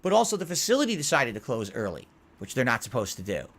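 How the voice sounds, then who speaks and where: A man's voice: medium pitch, wildly swooping pitch, quick pace, fairly bright tone. A man telling a story on a commentary podcast, acting out both sides of his phone calls.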